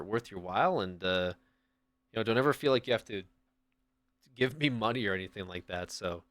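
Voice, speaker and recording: A man's voice: fairly low pitch, fairly bright tone, dry recording. A man streaming and chatting casually, rambling with hesitant restarts as he thanks a viewer. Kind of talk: casual chat, thanking a donor.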